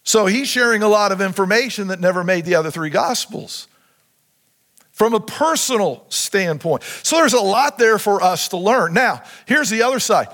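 A pastor preaching a sermon in a high, lifted voice. He keeps turning to the congregation with questions and prompts. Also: animated, moderate pace, a bit bright. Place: church sanctuary.

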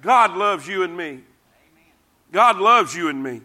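A man's high, bright, pushed voice carries lively intonation as he preaches at an unhurried pace. His sermon is emphatic and repetitive, and he has the congregation read verses together with him.

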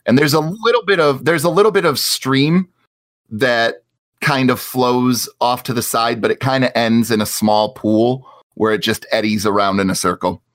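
A man narrating as game master of a tabletop game, describing scenes slowly with searching fillers. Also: medium pitch, steady tone. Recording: loud music underneath.

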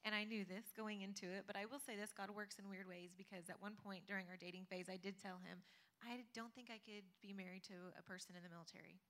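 A woman's voice: mid-range voice, fairly even intonation, fast talker, a bit bright. A woman on a panel casually telling the story of her marriage, chatty and laughing between sentences.

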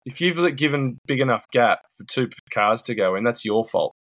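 A man co-hosts a podcast over a video call, talking in a blunt, sweary, rambling way. His voice sits at an ordinary pitch, and the sound is dry and close with no room around it. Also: lively intonation, a little fast, a bit bright, no room sound. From New Zealand. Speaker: podcast co-host. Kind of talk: casual banter.

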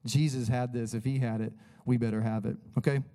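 Casual, energetic male preacher. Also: mid-range voice, fairly quick. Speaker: pastor. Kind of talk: sermon.

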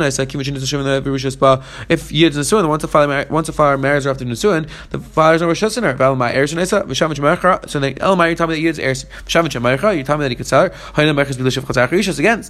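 Fast-talking man teaching Talmud. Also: a little high, a bit bright. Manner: reads Aramaic lines then explains in English. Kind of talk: fast Talmud study lesson.

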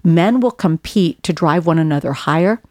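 A middle-aged woman with a somewhat low voice, talking as a guest and telling stories with lively humor at her own expense. The sound is dry and close. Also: moderate pace, no room sound. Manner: animated storyteller, laughs at herself. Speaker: guest author and speaker. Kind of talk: casual conversation, storytelling.

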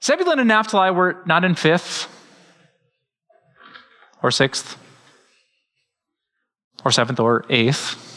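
A middle-aged man, preaching a sermon as pastor in a lively, joking way. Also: high voice, takes it slowly, long pauses. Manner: lively, joking, with frequent laughs.

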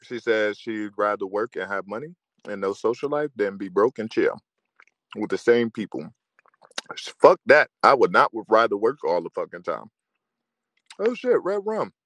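A man's voice: on the low side, very animated, moderate pace, a bit bright, dry recording. A man hosting a live audio room, ranting crudely and cursing with frequent laughter. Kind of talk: profane casual rant to listeners.

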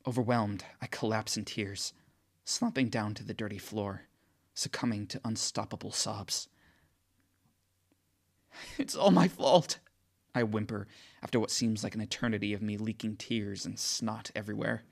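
A man's voice: lowish voice, flat delivery, moderate pace, creaky. A man reading first-person audiobook narration with emotional, tearful outbursts.

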